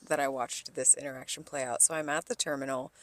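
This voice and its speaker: A woman's voice: very deep voice, quick pace. A young woman co-hosting a casual podcast, telling work stories with lots of swearing and rising outrage. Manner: animated storyteller, swears freely, rises loud when outraged. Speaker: podcast co-host, restaurant server. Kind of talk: casual chat.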